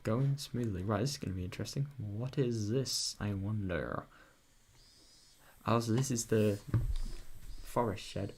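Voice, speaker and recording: British man reading and reacting, lowish voice. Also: measured pace, long pauses. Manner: chatty, swears often, reacts with sudden bursts. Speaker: video novel reader. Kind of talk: reading a visual novel aloud with casual commentary.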